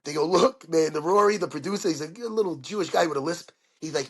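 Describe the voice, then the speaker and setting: A man, a podcast guest, telling stories in an excitable, profane way and acting out the quotes. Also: on the high side, fast talker, husky. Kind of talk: animated storytelling chat.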